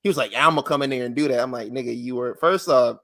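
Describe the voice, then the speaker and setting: Male podcast co-host, bright tone, animated storyteller, casual banter. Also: fast talker. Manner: animated storyteller, acts out quotes in high voices.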